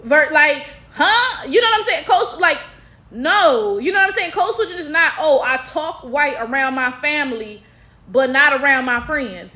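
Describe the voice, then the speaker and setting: A woman's voice: high voice, pushed and bright. A young woman from Detroit with a Detroit African American accent, giving emphatic casual commentary full of rhetorical asides. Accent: Detroit African American English. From Detroit, USA. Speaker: commentary vlogger.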